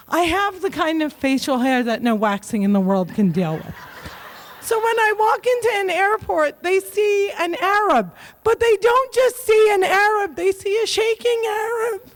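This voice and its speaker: A woman giving a comedic keynote speech, joking and self-mocking with quick punchlines. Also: extremely high pitch, animated, a bit bright. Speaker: keynote speaker.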